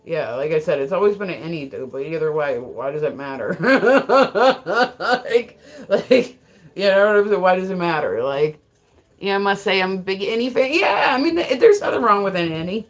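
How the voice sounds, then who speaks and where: A woman's voice: lowish voice, animated, fairly quick. A woman live streaming in a casual, rambling, frank and joking way, with lots of filler words.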